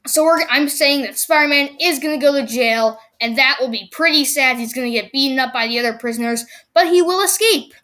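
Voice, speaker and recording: Excitable high-voiced woman vlogger. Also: fairly quick, hardly any pauses. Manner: excitable, rambling with many restarts. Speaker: YouTube channel host. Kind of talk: casual movie-prediction vlog.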